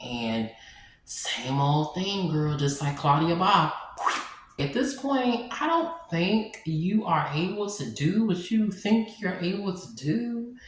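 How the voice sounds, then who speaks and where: A woman telling a personal story in a casual vlog, animated and sassy, talking straight to her viewers. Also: extremely low pitch, slight background noise. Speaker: storytime vlogger. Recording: very echoey room.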